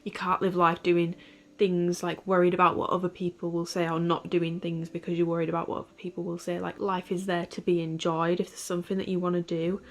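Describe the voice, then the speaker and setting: A woman's voice: on the low side, monotone, a little fast. A young woman in a candid vlog monologue, rambling with lots of "like" and frequent swearing. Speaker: vlogger.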